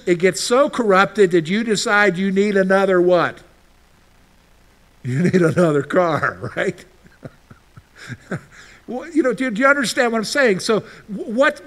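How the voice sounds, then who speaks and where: Animated high-voiced male preacher. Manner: animated, asks the congregation rhetorical questions. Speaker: pastor. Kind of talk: sermon.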